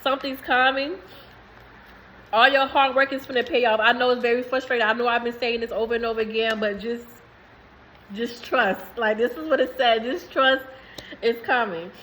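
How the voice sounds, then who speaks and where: A woman's voice: fairly high pitch, fairly even intonation, normal speed, fairly bright tone, a little hiss or hum, low-quality recording. A woman in giving a rambling, emphatic spiritual message to viewers, swearing freely. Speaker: spiritual reader.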